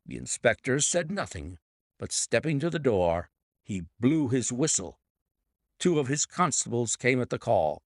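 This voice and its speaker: A man narrating a detective mystery audiobook with dramatic, expressive storytelling. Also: medium pitch, a little slow, no room sound, studio quality. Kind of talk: scripted narration.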